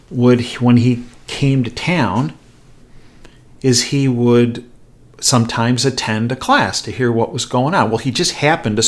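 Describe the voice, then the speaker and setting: A middle-aged man hosting a show, telling an anecdote in an animated way and acting out the quoted lines. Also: medium pitch. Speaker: host. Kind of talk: storytelling commentary.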